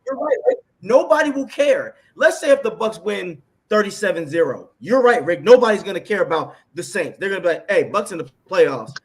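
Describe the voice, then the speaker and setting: A man co-hosting a casual sports chat, excitable and quick to swear. His voice sits high for a man. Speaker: podcast co-host.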